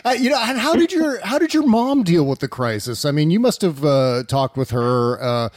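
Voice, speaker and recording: A man hosting an interview, asking questions in a halting way with many restarts. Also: a little high, sing-song, no room sound, studio quality. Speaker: podcast host. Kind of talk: conversational interview.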